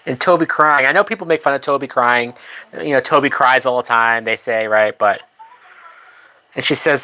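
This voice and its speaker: A woman's voice: rumbling low, unhurried, pauses often, bright, forceful tone. A woman hosting a live movie watch-along, talking bluntly with frequent swearing and laughter. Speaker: movie reaction host.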